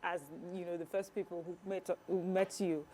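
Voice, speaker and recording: A woman with a Nigerian accent, co-hosting an interview and asking measured, encouraging questions. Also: on the low side, level tone, dark tone, a little hiss or hum. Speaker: co-host.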